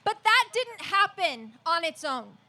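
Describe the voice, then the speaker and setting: Woman activist at an outdoor rally, high bright voice, slow and earnest. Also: sing-song. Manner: measured, earnest, leads call-and-response chants. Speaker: activist leader, rally speaker. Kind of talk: rally speech.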